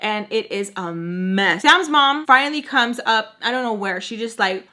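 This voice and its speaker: Young woman doing a storytime vlog, bright voice, lots of slang, acts out the lines. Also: fairly high pitch, moderate pace. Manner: animated, slangy, acts out quotes. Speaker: storytime vlogger. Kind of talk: casual storytime.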